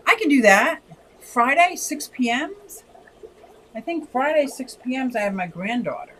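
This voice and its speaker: This livestream host is a Pennsylvania woman past sixty with a high voice and a measured pace, chatting expressively while she goes through viewer comments. The rough recording carries a little hiss or hum, and her talk drifts between lively and soft.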